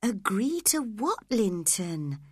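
A woman voices a spirited young heroine in a storybook reading, her voice pitched higher and full of earnest feeling. The delivery is lively and bright, and it moves at a slow pace. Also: dry recording, clean studio sound, heavily acted. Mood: earnest, pleading. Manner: high, earnest and emotional.

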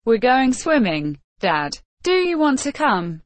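Gentle schoolboy in a storybook, slow, plain read by a woman. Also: a little high, big pitch swings, dry recording, pitched above the performer's own voice. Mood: sad. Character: young schoolboy, sad and gentle.

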